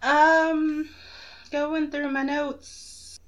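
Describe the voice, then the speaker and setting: A woman's voice: sits high, little pitch movement, drawn-out words. A woman co-hosting a podcast in casual chat, speaking hesitantly while she checks her notes. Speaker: podcast co-host.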